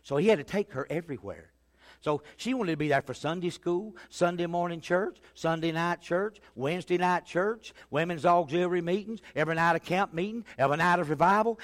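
A fairly high-voiced man preaches in a church, telling his story with big swings between loud, urgent passages and hushed, quiet ones. His voice rings with a long reverb from the sanctuary around him. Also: brisk. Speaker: pastor. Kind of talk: sermon.

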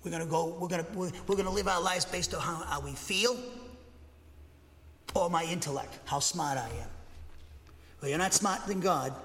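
Brief: male pastor, high voice, emphatic dogmatic sermon delivery, long hall reverb. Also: normal speed, pauses often. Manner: emphatic, bangs the pulpit, excitable; dogmatic, speaks with conviction. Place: church.

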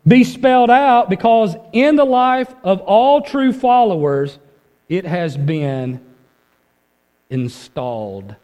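A man preaching a sermon as pastor, urgent and conversational, dropping low then rising with force. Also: darkish tone, in a large hall. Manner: urgent, conversational preaching with dramatic drops and rises.

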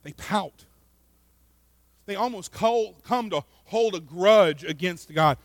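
A man preaching a sermon in an earnest way, often repeating words and swinging between loud emphasis and quiet asides. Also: sits high, slow, dry recording. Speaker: pastor.

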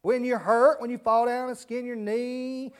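A man giving a children's sermon, asking the kids simple questions and hushing them as he goes. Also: very high-pitched, level tone, measured pace. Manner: hushes and redirects children mid-talk. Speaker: children's church leader.

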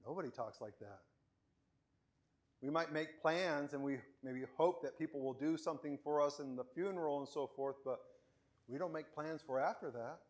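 A man preaching in a conversational way, asking rhetorical questions and restarting his sentences as he thinks aloud. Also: sits high. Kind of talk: conversational sermon.

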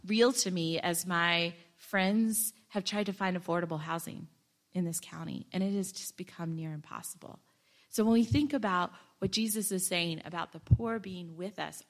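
A woman's voice: medium pitch, normal speed. A woman preaching a sermon in a conversational way, with joking self-deprecating asides to the congregation. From Ohio, United States.

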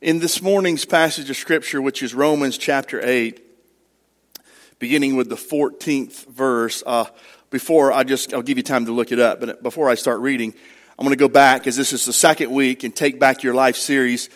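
A man's voice: medium pitch, fairly even intonation, normal speed. A middle-aged man preaching to his congregation, telling stories and putting questions to them. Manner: conversational storytelling, asks the congregation questions. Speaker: pastor. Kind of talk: sermon.

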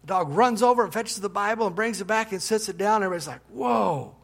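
A man preaching as pastor, in a relaxed storytelling manner with restarts and asides. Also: high voice, racing. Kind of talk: sermon with a told joke. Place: church.

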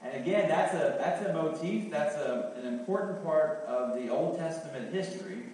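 A man's voice: a little high, lively intonation, moderate pace, darkish tone, slight background noise. A man preaching a sermon in an earnest way, repeating key phrases and thinking aloud with fillers. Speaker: pastor. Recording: very echoey hall, heard from a distance.

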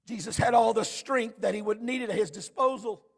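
A man preaching a sermon as pastor, swinging from shouted emphasis to hushed, low tones. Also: normal speed, creaky, breathy edge.

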